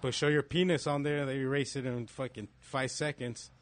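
A man's voice: mid-range voice, steady tone, moderate pace, no room sound. A man in his thirties telling a profane story in casual chat, acting out the messages he quotes.

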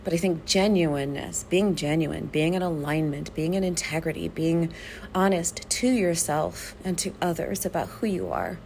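A woman hosting a wellness podcast as a therapist and coach, talking in an effusive, animated storytelling way. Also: sits low, normal speed, vocal fry, a little hiss or hum. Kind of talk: podcast monologue.

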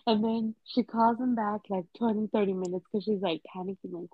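A woman co-host tells a juicy story with lively energy, slipping into each person's voice as she quotes them. Her voice comes through thin and narrow like a phone line, with a dry, close sound. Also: mid-range voice, a little fast, few pauses, no room sound. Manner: animated gossipy storytelling, acts out quotes, frequent "like". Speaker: podcast co-host. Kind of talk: casual storytelling chat.

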